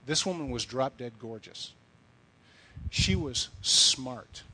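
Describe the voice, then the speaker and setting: A man's voice: medium pitch, expressive, takes it slowly, pushed and bright, husky, rough recording. A middle-aged man giving a sermon, telling stories in a conversational way with blunt asides. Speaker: speaker addressing young women. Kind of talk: sermon with storytelling.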